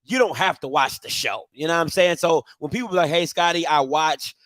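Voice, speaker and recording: A middle-aged man from Maryland hosting a football show, telling a story in a loud, excitable, slangy way with bursts of outrage. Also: on the high side, quick pace, no room sound. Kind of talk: casual storytelling monologue.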